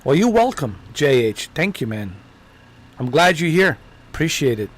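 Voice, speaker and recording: A man's voice: on the high side, big pitch swings, normal speed. Casual male gaming streamer. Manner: casual, playful, talks back to characters. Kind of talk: live game commentary.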